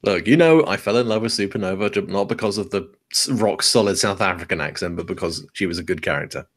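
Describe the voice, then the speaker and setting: A relaxed man chatting on a podcast in a somewhat low voice. He is easygoing and often makes fun of himself. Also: quick pace. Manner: easygoing, self-deprecating. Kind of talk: casual podcast chat.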